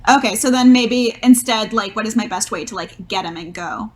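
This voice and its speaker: Thoughtful woman player, fairly high voice. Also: moderate pace. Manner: thoughtful, weighing options aloud. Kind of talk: tabletop game play.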